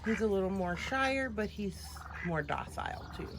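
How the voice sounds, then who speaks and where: Outdoors on a farm, a woman vlogs her morning chores, her gravelly voice swinging widely in pitch at a normal pace. She chats to her animals in a high sing-song and speaks their thoughts for them. The noisy recording picks up turkeys and other fowl gobbling nearby.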